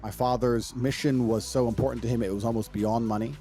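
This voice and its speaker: A man in an old interview recounts family stories in a blunt, brash way, cursing freely. He speaks fairly quickly at medium pitch with fairly even intonation and a mellow tone, while faint music sits behind him.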